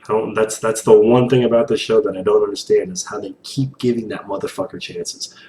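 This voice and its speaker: A young man in casual reaction commentary while painting, animated, rambling and swearing a lot, recorded on a distant mic in an echoey room with faint hiss. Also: lowish voice, brisk. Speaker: reaction video host.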